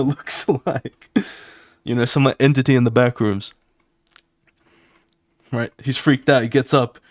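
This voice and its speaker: Animated male streamer with a dry mic. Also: medium pitch, dry recording. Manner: animated, fast, swearing, sound effects. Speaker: artist streaming his drawing. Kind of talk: casual walkthrough of his comic pages.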